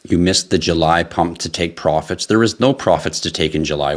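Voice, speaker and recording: A man with a deep, low voice, sounding tired as he hosts a casual live stream. He reads out viewers' questions and answers them in a loose, chatty way. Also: brisk. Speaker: livestream host answering crypto questions.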